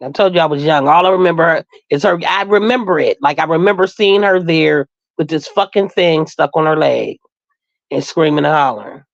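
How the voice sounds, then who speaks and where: A woman's voice: sits low, a little fast, vocal fry, dry recording, lo-fi sound. A woman telling a story frankly and profanely in a casual live-stream chat, laughing often. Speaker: co-host.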